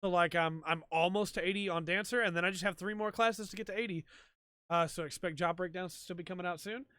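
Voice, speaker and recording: A man's voice: high voice, fairly even intonation, quick pace, sharp tone, clean tone, no echo. A man hosting a podcast, chatting casually and rambling with lots of ums and likes. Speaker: podcast host. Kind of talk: casual solo chat. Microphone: desk mic for a stream.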